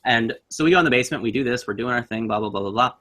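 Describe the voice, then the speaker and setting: Young man, bright forceful tone, animated casual ghost-story teller. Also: mid-range voice, very fast. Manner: animated, acts out voices in his story.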